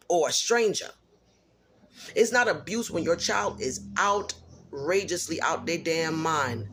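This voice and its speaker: A woman's voice: low voice, breathy edge. A middle-aged single mother venting in a personal vlog, blunt and emphatic, repeating herself for stress.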